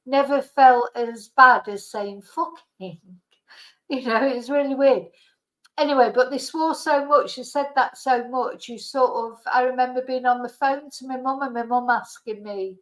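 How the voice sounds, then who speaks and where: Woman, Manchester accent, middle-aged, chatty livestream host, laughs a lot, slightly high-pitched. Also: measured pace, a bit bright, poor audio. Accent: Mancunian. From Manchester, England. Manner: chatty, laughs often, reads out viewer comments. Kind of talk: casual chat with viewers.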